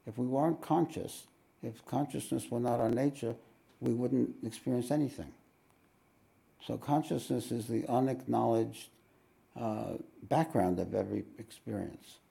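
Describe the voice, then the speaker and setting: A gravelly, darkly mellow male voice, thick with vocal fry. He teaches a live satsang at an ashram, musing reflectively and slipping in wry jokes between his points. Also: mid-range voice, a little slow. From New York. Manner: reflective, with wry joking asides. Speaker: spiritual teacher. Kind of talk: live satsang talk with readings. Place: ashram meeting hall.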